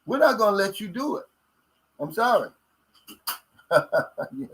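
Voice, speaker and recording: A man's voice: sits high, big pitch swings, a little slow, fairly bright tone, poor audio. Folksy Kentucky man in his fifties. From Kentucky, USA. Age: 50s. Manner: folksy and blunt, drawls out filler words. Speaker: vlogger reading viewer comments. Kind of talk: casual livestream chat.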